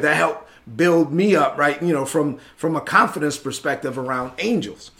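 An animated male preacher telling a personal testimony, a slightly high voice with a gravelly edge. His tone is forceful and bright, and he keeps checking in with listeners. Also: normal speed, few pauses, a little hiss or hum. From Brooklyn, New York and the Dominican Republic. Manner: animated storyteller, often asks "right?".

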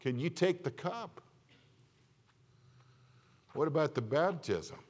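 A man preaching with a high, animated voice that swoops across a wide range. He delivers an impassioned sermon full of rhetorical questions, and the sound rings with the long reverb of a church hall. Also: slow pace. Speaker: Baptist pastor.

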